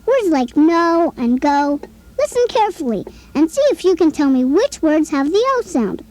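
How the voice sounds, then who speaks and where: An actor voices a cheerful talking toy boy who chats with a child on a scripted play-along tape, chirpy and coaxing, always asking questions. The voice sits high with big pitch swings, brisk and slightly dark in tone.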